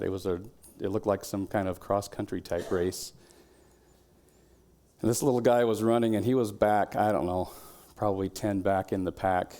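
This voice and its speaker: Pastor preaching in a low voice. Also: male voice. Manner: conversational preaching, drops to quiet tones, shouts quoted cheers. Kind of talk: sermon. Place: church.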